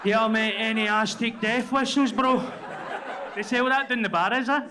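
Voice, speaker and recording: High-voiced Glaswegian man, live crowd. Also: normal speed. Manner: sweary, laughing, teasing. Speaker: podcast host. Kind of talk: live podcast banter. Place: live show venue with audience. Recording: live audience crowd noise.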